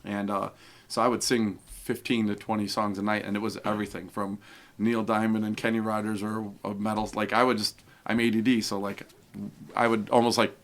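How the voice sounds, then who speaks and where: A man speaks quickly in a somewhat low voice, a podcast guest telling casual stories. He acts out the people he quotes as he goes. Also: flat delivery. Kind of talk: casual storytelling.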